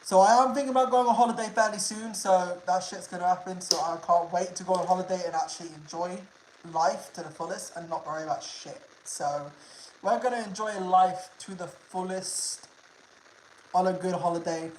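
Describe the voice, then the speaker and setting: A man's voice: sits high, normal speed, darkish tone, a little hiss or hum. Laid-back guy chatting on stream. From United Kingdom. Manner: laid-back, swears freely, repeats himself. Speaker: livestreamer. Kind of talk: casual livestream chat with viewers. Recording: roomy echo.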